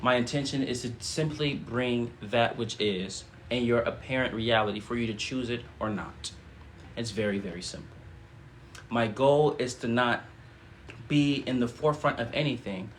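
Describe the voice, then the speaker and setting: A man voicing a calm male spirit guide in a slow, soft, hushed way as he leads a breathing prayer. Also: mid-range voice, slight background noise, pitched below the performer's own voice, natural voice. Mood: serene.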